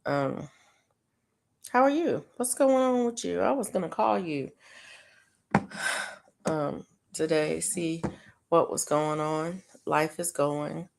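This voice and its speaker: A woman's voice: deep voice, takes it slowly, creaky, pauses often. A middle-aged woman hosting a live stream, chatting casually to viewers and crocheting as she talks, rambling with lots of ums and frequent laughs. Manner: crocheting while talking.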